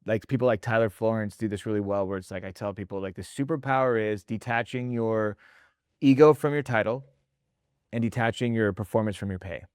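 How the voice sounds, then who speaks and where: A man's voice: on the low side, fairly quick, a little mellow, smooth, no room sound, clean studio sound. A man hosting a podcast in casual interview talk, emphatic and intense, often checking in with "right?" and swearing mildly for emphasis. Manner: blunt, drops mild swearing for emphasis. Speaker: podcast host and restaurant consultant.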